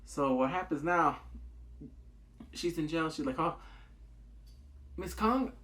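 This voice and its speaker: A man giving a casual, excitable recap of a TV drama, acting out the characters' lines in quick asides. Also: fairly high pitch. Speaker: TV drama reviewer.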